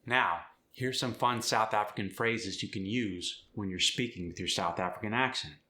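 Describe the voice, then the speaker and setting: A man teaching an accent, explaining sounds and demonstrating words and sentences slowly, one at a time. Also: fairly low pitch, sharp tone. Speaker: accent coach. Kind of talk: accent tutorial.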